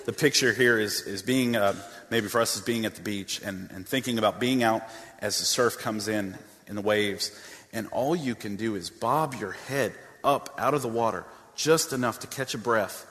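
Male pastor, lowish voice, earnest sermon delivery with scripture reading, long hall reverb. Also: a bit bright. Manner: earnest, repeats words as he restarts, reads scripture aloud. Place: church sanctuary with a stage.

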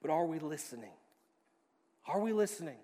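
Guy preaching a sermon, kinda high voice, gets quiet then really pushes it, big echoey church hall sound. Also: animated, moderate pace. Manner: emphatic preaching that swings from quiet to loud. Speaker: pastor. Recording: long reverb of a hall.

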